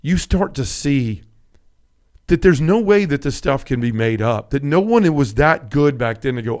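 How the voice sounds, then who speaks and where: A man's voice: mid-range voice, big pitch swings, a little slow, darkish tone. A man hosting a casual conversational podcast, speaking in an earnest, heartfelt way with frequent restarts and self-corrections. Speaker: podcast host.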